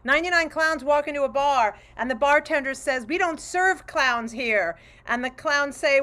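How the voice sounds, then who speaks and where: A woman with a high, bright voice trades improvised jokes on a video call. She is animated and breaks into laughter between punchlines. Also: moderate pace, hardly any pauses. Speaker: improv performer. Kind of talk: improvised joke-telling.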